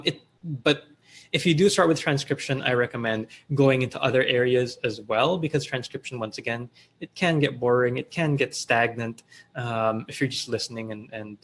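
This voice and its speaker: A man's voice: medium pitch, a bit bright. A man hosting a live stream, answering viewer questions about transcription work in a loose, conversational way with frequent fillers and restarts. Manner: conversational, many fillers and restarts, thinks aloud; reads viewer questions aloud and draws on a board while talking.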